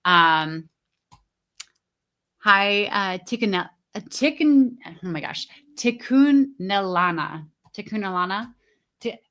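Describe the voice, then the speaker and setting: Bright, chatty woman coaching on a livestream. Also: mid-range voice, expressive, slow, long pauses, lo-fi sound. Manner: chatty, lots of fillers and restarts; greets viewers in the chat. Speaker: business coach. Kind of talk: casual livestream talk. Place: at home.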